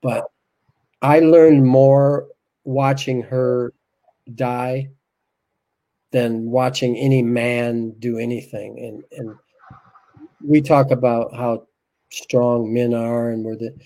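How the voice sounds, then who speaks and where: A man as an interview guest, telling a heartfelt personal story in a soft, reflective, unhurried way. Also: medium pitch, fairly even intonation, rough recording.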